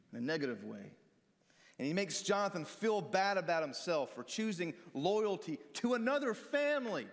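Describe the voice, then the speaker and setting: A male pastor preaches and walks through Bible verses, speaking conversationally and tossing questions out to his congregation. His voice sits a little higher than most men's. A long hall reverb trails every phrase. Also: sing-song, moderate pace. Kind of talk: sermon with Bible reading.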